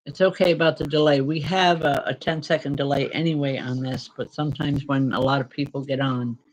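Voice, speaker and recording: With a very deep voice and a steady tone, a woman spiritual medium gives spirit readings on a live stream. She speaks gently and reassuringly with pauses and fillers, and the recording is low quality.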